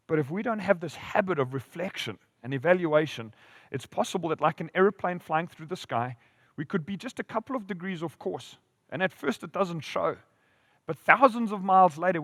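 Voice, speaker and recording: A man with a fairly high voice delivers a church sermon, telling stories with swelling and falling volume. His voice is close and dry, yet a long reverb trails off in the church hall around him. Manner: storytelling with lively rises and drops in volume. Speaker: pastor.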